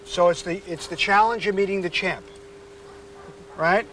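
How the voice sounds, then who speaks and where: A dog trainer with a slightly bright voice explains a temperament test to a couple at a moderate pace, with a little hiss or hum on the recording. During this on-location demo he's chatty and explanatory, going high and sing-song to coax the dog.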